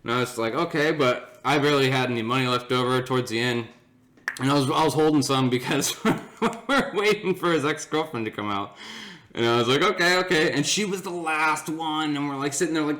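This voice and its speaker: A man's voice: mid-range voice, expressive, fairly quick, a bit bright. A young man hosting his own podcast, telling a story casually and animatedly, laughing often and acting out his friends' voices. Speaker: podcast host.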